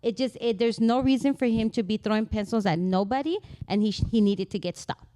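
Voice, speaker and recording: A woman co-hosting a podcast in casual chat, telling a story about her daughter in an animated way and dropping in Spanish phrases. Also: on the high side, fairly quick. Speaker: podcast co-host.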